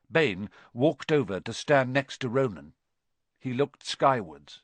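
A man narrating an audiobook in a steady storytelling manner. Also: lowish voice, measured pace, slightly rough, dry recording. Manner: steady storytelling with lively intonation.

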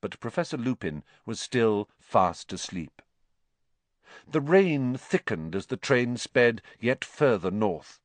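A man narrating a storybook in an expressive, dramatic way. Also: mid-range voice, slow pace, no room sound. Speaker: audiobook reader.

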